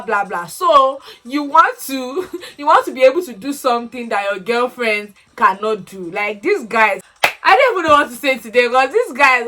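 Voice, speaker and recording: A woman giving a casual, animated recap of a reality show, laughing and exclaiming as she talks. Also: fairly high pitch. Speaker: reality TV commentator.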